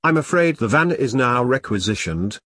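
A man's voice: mid-range voice, big pitch swings, a bit bright, no room sound. A man reading the part of a pompous, bossy middle-aged army captain, in a dry voice. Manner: bossy, brisk, dismissive. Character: pompous self-important middle-aged male platoon captain.

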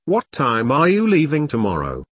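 A man's voice: mid-range voice, wildly swooping pitch, moderate pace, breathy edge. A man voicing an earnest, direct woman army lieutenant nurse in an audiobook.

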